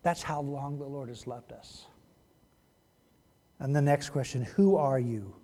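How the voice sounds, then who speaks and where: A male pastor preaching a sermon to his congregation, animated and direct, swinging between loud emphasis and hushed lows. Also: a little slow. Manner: demonstrative, talks to the congregation directly. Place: church sanctuary. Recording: long reverb of a large church hall.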